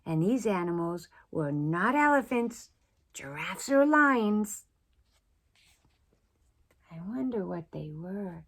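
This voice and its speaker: A woman preschool teacher reads a picture book aloud to children. Her voice is breathy and sweeps widely in pitch, and she often drops to a whisper. She reads at an unhurried pace. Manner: expressive, often dropping to a whisper.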